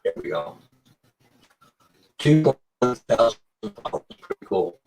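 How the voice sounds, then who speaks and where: A man on a video call from home late at night, halting and clearing his throat with a frog in his throat. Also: mid-range voice, sing-song, darkish tone, a little hiss or hum, poor audio. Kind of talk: casual chat on a call.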